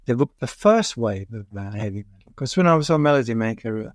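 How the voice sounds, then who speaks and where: A man's voice: mid-range voice, animated, a little fast, no room sound, studio quality. An older man from England, a music journalist telling anecdotes in an interview, rambling with lots of "uh" fillers and chuckles. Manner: rambling, many "uh" fillers, chuckles at his own stories.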